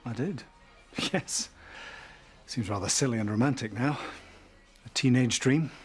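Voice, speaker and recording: An actor playing a polished, courteous middle-aged lawyer in a TV soap drama. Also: male voice, mid-range voice, measured pace, breathy edge, faint music behind. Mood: fond.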